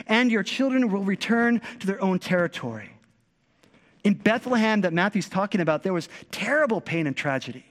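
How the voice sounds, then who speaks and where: A man with a high voice preaching a sermon in a large hall that rings with long reverb. He preaches with passion, pushing hard on some phrases and dropping to near hush on others. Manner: impassioned, swings between loud emphasis and hushed tones. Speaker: pastor.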